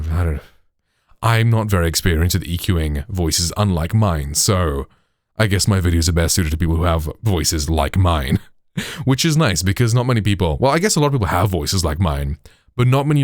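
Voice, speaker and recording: A man's voice: deep voice, expressive, moderate pace, no room sound. A British man hosting a tech tutorial, explaining in a chatty way full of "like", "you know" and "right", through a processed studio microphone.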